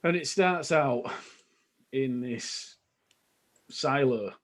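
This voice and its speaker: Easygoing man in his 30s, relaxed storytelling between chuckles. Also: mid-range voice, very slow. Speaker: podcast co-host. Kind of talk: casual reminiscing chat.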